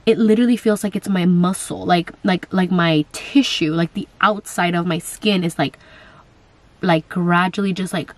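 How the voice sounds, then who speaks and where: A woman's voice: lowish voice, normal speed, no room sound. A young woman in casual chat, answering viewer questions on her vlog, talking in a chatty way with lots of fillers and quoted asides.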